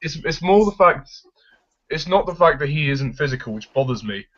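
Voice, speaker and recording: A man's voice: a little high, lively intonation, moderate pace, fairly bright tone. A man giving his blunt, opinionated take on a film in a casual discussion. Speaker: film reviewer. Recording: dull lo-fi recording.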